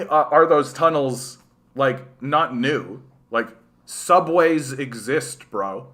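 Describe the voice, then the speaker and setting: A man's voice: medium pitch, measured pace, bright, forceful tone. A young man from Canada hosting a political livestream, ranting with profane sarcasm and stumbling over repeated words when heated.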